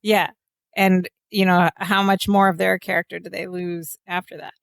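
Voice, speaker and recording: A woman's voice: fairly low pitch, flat delivery, moderate pace, creaky, no echo. A woman co-hosting a podcast, casually recapping scenes with amused asides. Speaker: podcast co-host. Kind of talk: casual episode recap chat.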